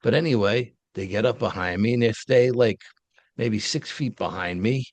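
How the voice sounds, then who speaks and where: A man's voice: medium pitch, normal speed, no room sound. A man, an interview guest telling a story in a casual, blunt, street-wise way. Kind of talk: casual first-person storytelling.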